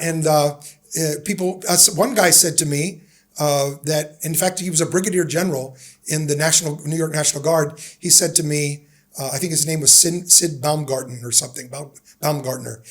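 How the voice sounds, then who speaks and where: Casting: American man, fifties, slightly higher voice, animated storyteller for a casual podcast interview. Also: normal speed. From United States. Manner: animated storyteller who acts out the people he quotes. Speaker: podcast guest.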